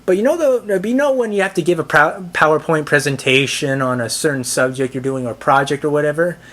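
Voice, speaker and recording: A man's voice: on the high side, fairly bright tone. A man ranting about a bad night at the movies, profane and exasperated, rambling with many restarts. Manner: halting, full of restarts and "like". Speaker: movie reviewer. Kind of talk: ranting movie-theater story.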